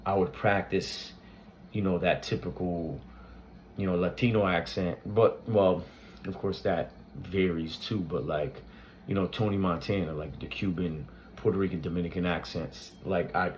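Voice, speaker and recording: A man with a low voice hosts his own reaction channel, giving a casual tribute to camera at a slightly slow pace. He talks loosely, with plenty of fillers and restarts. There's slight background noise.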